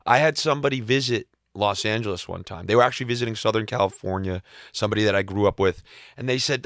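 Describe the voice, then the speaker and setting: A man hosting a podcast in casual chat, his voice hoarse and husky from shouting, talking in a wry, self-deprecating way. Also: on the low side, fast talker, dry recording, clean studio sound. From East Coast United States. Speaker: podcast host.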